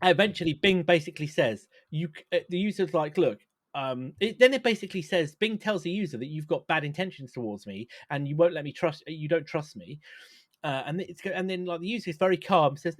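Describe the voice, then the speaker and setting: A man co-hosting a casual tech podcast, animated and laughing often, restarting sentences as he talks. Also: on the high side, a little fast. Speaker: podcast co-host.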